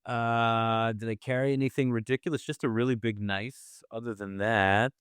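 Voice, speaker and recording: A man's voice: mid-range voice, steady tone, normal speed, a bit bright, clear, resonant tone, no room sound, clean studio sound. A man from the United States, a podcast guest and former soldier, recalling his service thoughtfully in casual conversation.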